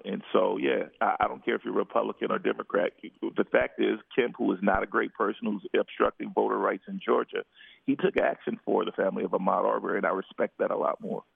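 A man's voice: fairly low pitch, steady tone, brisk, vocal fry, slightly rough, no echo. A man speaking as an attorney guest over a phone line, earnest, with stumbling restarts. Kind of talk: phone interview. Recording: dry tinny phone line.

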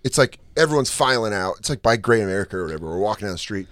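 A man hosting a casual podcast chat, telling animated stories full of swearing. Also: on the low side, very fast, no echo, clean studio sound. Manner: animated storyteller, swears a lot, acts out quotes. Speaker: podcast host.

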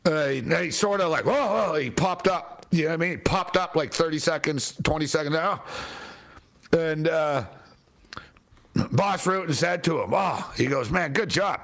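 Animated man telling a story. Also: a little high, normal speed, gravelly. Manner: animated, laughing, quoting others in voices. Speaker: podcast host. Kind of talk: casual storytelling.

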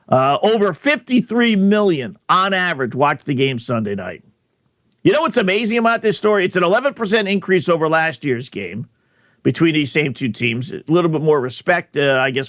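A man's voice: a little high, very animated, brisk, fairly bright tone, no room sound, clean studio sound. A man hosting a sports radio show, talking bluntly and emphatically, with lots of fillers and repeated words. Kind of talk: opinionated radio talk.

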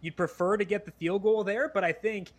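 A man's voice: high-pitched, steady tone, fairly quick. A man appearing as a guest analyst on a sports radio show, talking casually through his picks. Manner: casual, lots of "like" fillers.

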